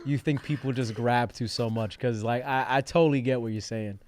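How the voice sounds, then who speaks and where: A man hosting a casual online chat show, animated, teasing and slangy. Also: medium pitch, brisk. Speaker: host.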